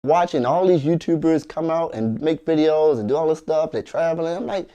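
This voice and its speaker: A man's voice: on the high side, a little fast, dark tone. A man earnestly recounting arguments with his wife over his hobby and his work. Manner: aggrieved, earnest, retelling arguments. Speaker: content creator and street performer. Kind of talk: storytelling to camera.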